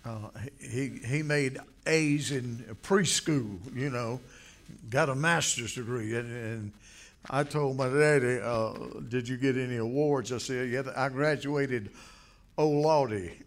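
A man's voice: medium pitch, takes it slowly. Man, pastor, folksy sermon, drawling storyteller. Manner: folksy, drawling, rises to loud exhortation.

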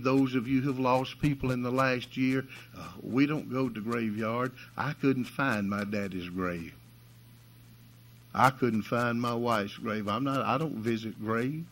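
An older man preaching a sermon in a folksy, animated way, swinging from soft asides to loud exhortation. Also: fairly low pitch, a little hiss or hum. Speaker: pastor.

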